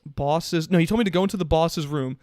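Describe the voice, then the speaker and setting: A young man co-hosting a casual podcast chat, telling an animated story with shouted quotes. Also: fairly high pitch, fairly quick, no echo, studio quality. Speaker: podcast co-host.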